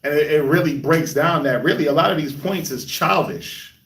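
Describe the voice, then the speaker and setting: Male group leader, fairly high voice, talking off-mic in an echoey room, chatty teaching delivery. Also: moderate pace, fairly bright tone, far from the mic. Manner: conversational, acts out quotes in high voices. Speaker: lead speaker of a discussion group. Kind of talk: animated teaching talk.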